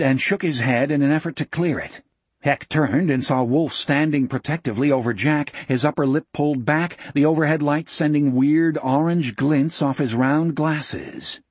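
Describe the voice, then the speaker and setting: A man narrating an audiobook in a steady, measured storytelling manner. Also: a little high, breathy edge, no room sound.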